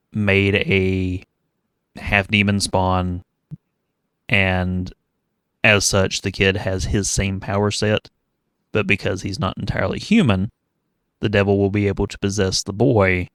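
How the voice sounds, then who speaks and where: Smooth, flat-toned male podcast co-host. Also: low voice, no room sound, clean studio sound. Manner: measured, deliberate plot recap, some swearing. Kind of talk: casual chat, recapping a film.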